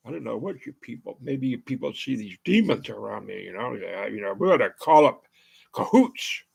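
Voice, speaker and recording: A man's voice: mid-range voice, expressive, a little fast, gravelly, husky. An older American man hosting his own show, talking in a rambling monologue full of fillers and restarts. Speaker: show host.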